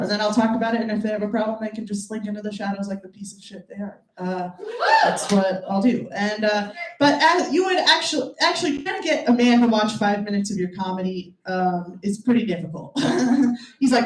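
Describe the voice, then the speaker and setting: A woman's voice: medium pitch, brisk, echoey room, far from the mic, slight background noise, low-quality recording. A woman performing a stand-up comedy set, blunt, crude and self-deprecating, to a live audience. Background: audience laughter.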